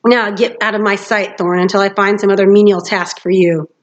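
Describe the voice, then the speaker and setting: A stone-hard villain general who booms and growls his commands, as a woman reads him out. The storybook commander is cold and menacing. The lo-fi recording sounds slightly muffled. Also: fairly even intonation, a little fast, close to an everyday voice. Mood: commanding. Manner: booming, growling.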